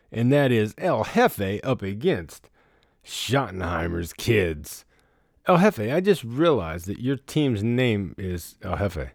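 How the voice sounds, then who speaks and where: A man's voice: medium pitch, no room sound, clean studio sound. A man serving as league commissioner, giving a casual, rambling podcast recap full of crude teasing trash talk, recorded in his bedroom. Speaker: fantasy football league commissioner.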